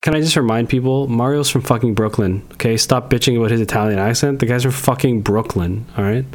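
A man's voice: medium pitch, fast talker. A man co-hosting a podcast, ranting bluntly and casually with heavy swearing. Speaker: podcast co-host. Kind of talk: casual chat.

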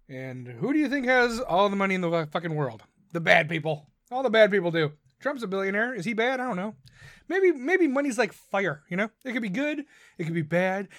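A man's voice: sits high, dry recording, clean studio sound. A man hosting a podcast, ranting in a profane, combative and sarcastic way. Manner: mocks others in put-on voices. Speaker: podcast host. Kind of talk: ranting monologue.

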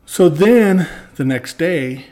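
A man, a podcast guest, telling a story in a casual, lively way, acting out what people said with swearing and laughs. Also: a little high, takes it slowly. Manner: animated, acts out quoted lines with swearing and laughs.

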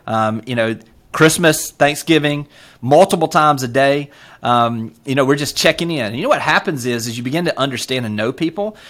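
A man's voice: medium pitch, moderate pace. A man with a Southern US accent, talking earnestly and with feeling as a podcast guest, full of fillers and pep-talk lines. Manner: earnest, animated storyteller with many fillers. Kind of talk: casual interview chat.

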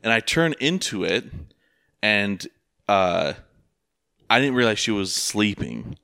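A man's voice: lowish voice, animated, slow pace, vocal fry, pushed and bright, clean tone, dry recording, studio quality. A young man telling a rambling story in casual chat, full of fillers and swearing. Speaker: rideshare driver.

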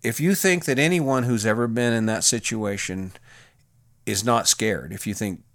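A middle-aged man tells his own story in a candid, plain-spoken way, full of restarts and fillers. His voice sits low. The recording is dry and close. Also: normal speed, fairly bright tone, no room sound. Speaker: former federal prison officer. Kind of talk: personal storytelling to camera.

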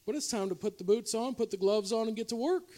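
High-pitched preaching man. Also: fast. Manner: preaching with shifting loudness, from shouting highs to quiet confessional lows; conversational asides to the congregation. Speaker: pastor. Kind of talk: sermon. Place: church revival service.

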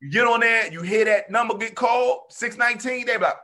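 Casual storyteller, male, high and bright, slangy, acts out quotes. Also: quick pace.

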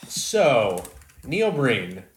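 A man co-hosting a podcast, chatting casually about films, relaxed and swearing now and then. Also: mid-range voice, drawn-out words. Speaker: podcast co-host. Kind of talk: casual film chat. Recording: roomy echo.

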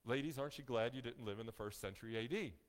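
A male pastor preaching a sermon in a folksy, joking way, slowing down to stress key phrases. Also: mid-range voice. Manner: folksy, joking asides to the congregation; emphatic, slows down on key phrases.

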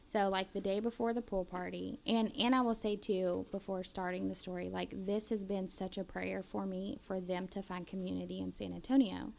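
A woman's voice: medium pitch, flat delivery, moderate pace, gravelly, few pauses, darkish tone. A woman in her thirties telling a family story casually and animatedly, acting out her kids' voices.

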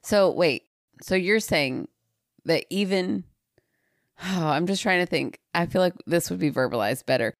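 A woman's voice: lowish voice, expressive, a little slow, dry recording. A woman co-hosting a casual podcast who argues with her co-host in a skeptical, dry, teasing manner. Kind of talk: casual chat.

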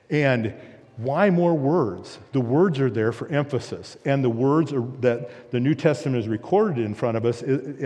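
Mellow-voiced pastor preaching in an echoing hall. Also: male voice, mid-range voice. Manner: earnest, emphatic with repeated phrases and rhetorical questions. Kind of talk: sermon. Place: church sanctuary. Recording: long reverb of a church hall.

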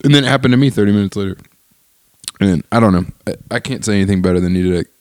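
Low voiced pastor dude, 30s, warm, keeps restarting his sentences, dry close mic. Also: very fast, dry recording. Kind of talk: casual podcast chat.

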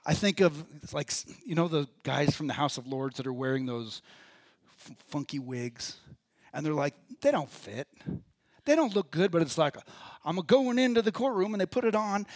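A man's voice: fairly high pitch, dry recording. A man preaching a sermon in church as pastor, talking in a conversational way and putting questions to the congregation.

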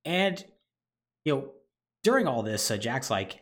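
This male co-host's podcast segment is a casual recap of a video game's story, with brief bits where he acts out the characters' lines. His medium-pitched voice is very animated, and he speaks a little slowly with frequent pauses.

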